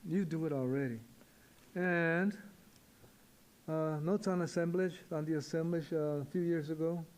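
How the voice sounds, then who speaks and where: An older man, a poet, giving a reflective storytelling talk to an audience in a halting, repetitive, musing way. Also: fairly high pitch, a little mellow.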